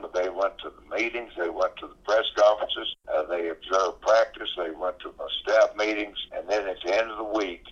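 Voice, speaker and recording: A man who is a retired football coach recalls his career in an interview, talking plainly with folksy grammar. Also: low-pitched. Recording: dull lo-fi interview audio.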